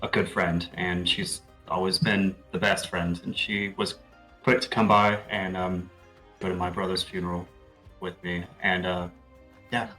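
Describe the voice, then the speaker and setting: Very low-voiced man doing in-character role-play at the table, hesitant and halting, faint music behind. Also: flat delivery, rough recording. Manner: hesitant, halting, soft-spoken. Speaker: player.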